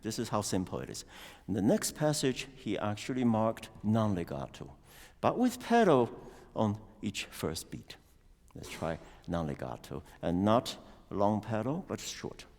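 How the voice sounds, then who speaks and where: A man's voice: fairly low pitch, very animated, measured pace, gravelly, hardly any pauses, darkish tone. Man coaching piano in a reverberant hall. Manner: sings rhythms aloud and explains patiently. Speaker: piano master class teacher. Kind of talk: master class coaching. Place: concert hall.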